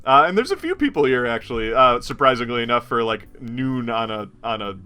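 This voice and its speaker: A man's voice: medium pitch, very animated, a little fast, pushed and bright, clean tone, soft background music. A man running a tabletop role-playing game as game master, rambling with many fillers and frequent laughs.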